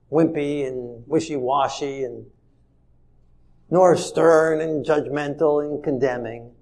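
A man preaching a sermon in an earnest way, shifting from soft and tender to emphatic. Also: mid-range voice.

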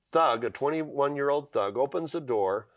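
A man's voice: mid-range voice, expressive, normal speed. A man giving a devotional talk, telling a story earnestly and quoting scripture. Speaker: Christian speaker.

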